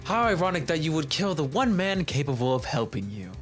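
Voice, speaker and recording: A woman voicing a suave, smug male prosecutor with a German accent, taunting and smooth. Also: deep voice, very animated, a little fast, soft background music.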